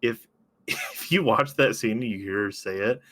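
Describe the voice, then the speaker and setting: A man's voice: fairly low pitch, moderate pace, pushed and bright. A man co-hosting a podcast in casual chat, laughing often and swearing freely. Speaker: podcast co-host.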